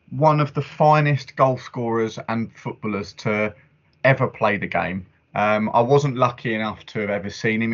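A man hosts a casual football podcast. His voice is on the low side and his talk is earnest, with fillers and restarts. The recording sounds a little muffled. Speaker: podcast host.

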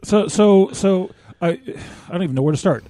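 A man chats on a podcast as a regular, telling a story in a hesitant way, full of ums and restarts. His voice sits a little high. The sound is dry and close. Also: normal speed, mellow, dry recording. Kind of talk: casual chat.

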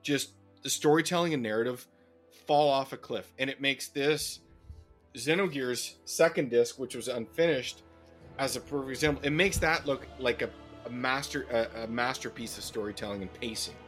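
A middle-aged man, co-hosting a casual gaming podcast and ranting in an animated, profane way into a podcast mic. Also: mid-range voice, moderate pace, soft background music. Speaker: podcast co-host.

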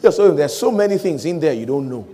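Male preacher, lively pitch, slightly higher voice, animated storytelling sermon delivery. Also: fast talker. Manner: animated storytelling, voicing quoted speech, rising to shouts.

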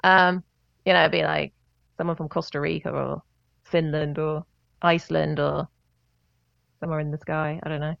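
Chatty woman with a gravelly edge. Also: sits low, normal speed, long pauses, no echo, lo-fi sound. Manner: chatty, animated, breaks into voices and laughter. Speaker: guest, singer and vocal coach. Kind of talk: casual interview storytelling.

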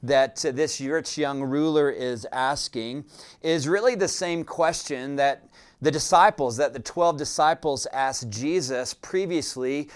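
A male pastor delivers a sermon in a smooth, resonant voice of ordinary pitch for a man. He preaches deliberately and reflectively, often pausing on "uh" as he gathers his thoughts.

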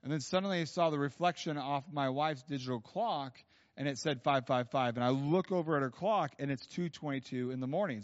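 A man preaching a sermon in a casual, rambling storytelling way, full of fillers and restarts, in a church. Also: on the high side. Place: church hall. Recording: dull sound with long hall reverb.

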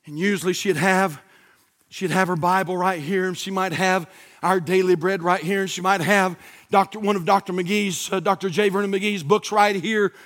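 High, bright preacher man. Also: fairly even intonation, normal speed. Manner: dynamic, swings from shouting to near whisper. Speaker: pastor. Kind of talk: sermon. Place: church sanctuary.

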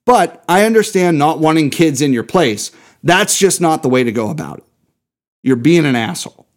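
A man's voice: a little high, lively intonation, normal speed. A man co-hosting a beer podcast, talking in a heated, emphatic way with plenty of swearing. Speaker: podcast co-host. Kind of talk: casual podcast rant.

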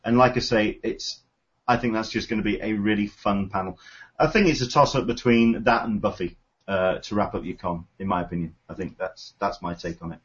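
This UK podcast host has a lowish voice and a brisk delivery. He chats casually and enthusiastically, rambling with plenty of fillers, and the audio sounds dull and lo-fi.

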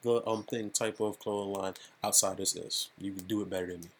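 A man's voice: lowish voice, fairly even intonation, brisk, breathy edge. A man hosting a casual podcast, joking and teasing his co-hosts. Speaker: podcast host.

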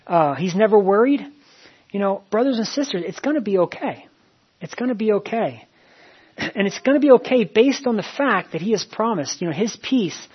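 A middle-aged man preaching a sermon, repeating his phrases and filling pauses with "you know". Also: high voice, slightly rough. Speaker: pastor. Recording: slightly dull, muffled recording.

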